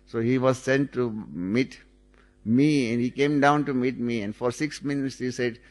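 A man with an Indian English accent recounts a spiritual experience. His pitch sits in the middle of the male range. He speaks earnestly and circles back over his phrases as he tells the story. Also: unhurried.

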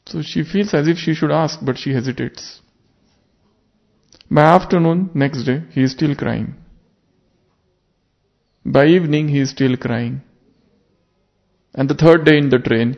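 A man's voice: medium pitch, unhurried, vocal fry, long pauses. A man giving a reflective spiritual sermon, asking his listeners searching questions. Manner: earnest, reflective, poses rhetorical questions. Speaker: spiritual teacher. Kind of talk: sermon with parable. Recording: muffled lo-fi recording.

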